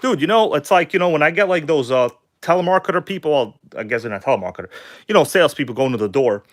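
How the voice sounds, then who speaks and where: A man's voice: on the high side, expressive, fast talker. A man hosting a casual hobby livestream from home, talking loosely and joking with viewers. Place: at home, kitchen table.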